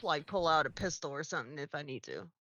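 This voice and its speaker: Brief: joking tabletop player, lively bright voice, dry sound. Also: mid-range voice, fast, dry recording, lo-fi sound. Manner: laughing, joking, casual swearing. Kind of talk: casual tabletop play.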